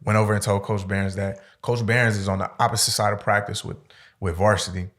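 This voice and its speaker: A man from Stockton, California, guest on a podcast, telling stories in a casual, profane, slangy, animated way. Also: on the low side, fast talker. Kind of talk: casual storytelling interview.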